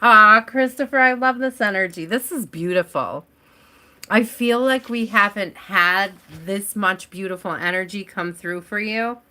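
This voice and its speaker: A woman's voice: mid-range voice, measured pace, sharp tone. A woman hosting a live tarot reading stream, chatting casually and addressing viewers by name as she reads.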